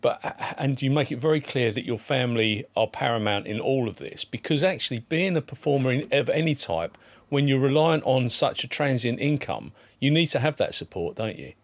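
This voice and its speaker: A man's voice: medium pitch, lively intonation, fairly quick, dry recording. Man hosting an interview. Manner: long leading questions with restarts. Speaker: interview host. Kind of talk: interview questions.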